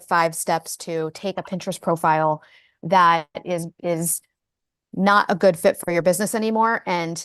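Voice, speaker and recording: A woman's voice: fairly low pitch, dry recording, studio quality. A woman co-hosting a casual chat about marketing, talking in a chatty way with lots of fillers and restarts over a video call. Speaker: co-host.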